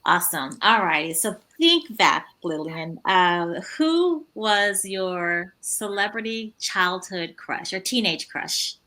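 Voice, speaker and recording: Woman, podcast host, bright voice, affirming, asks quick questions. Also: on the low side, lively intonation. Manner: affirming, with many short agreeing responses. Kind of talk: podcast interview conversation.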